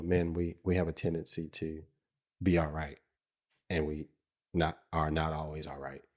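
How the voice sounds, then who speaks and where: A man's voice: extremely low pitch, gravelly, darkish tone. A middle-aged man co-hosting a podcast, talking casually and reflectively, with frequent restarts and laughter. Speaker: podcast co-host.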